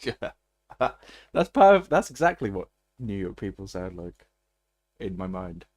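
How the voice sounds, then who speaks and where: A man's voice: low-pitched, very animated, unhurried, darkish tone. A man streaming a game, chatting casually and laughing often. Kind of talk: casual gaming commentary.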